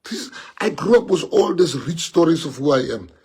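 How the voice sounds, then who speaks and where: Speaking at normal speed with a slightly rough, fairly high voice and lively intonation, a South African man who grew up speaking Afrikaans delivers an impassioned livestream monologue. He leans on rhetorical questions, and his volume rises and falls between quiet and loud.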